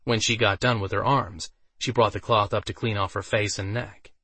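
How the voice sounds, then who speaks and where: Male narrator, even and steady fantasy reading, close dry recording. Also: lowish voice, normal speed, slightly rough, no room sound. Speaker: audiobook narrator. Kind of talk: scripted narration.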